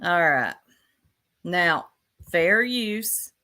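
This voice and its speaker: Slow-talking, bright-voiced woman chatting on a livestream. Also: lowish voice, expressive. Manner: chatty, rambling, talks to chat viewers by name. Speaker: YouTube livestream host. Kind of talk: casual livestream commentary.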